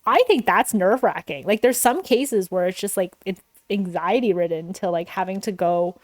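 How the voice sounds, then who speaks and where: A woman's voice: mid-range voice, moderate pace, no echo. A woman in her twenties, co-hosting a podcast in casual chat, hesitant and full of fillers. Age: 20s. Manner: hesitant, filler-heavy, laughs easily. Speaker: podcast co-host.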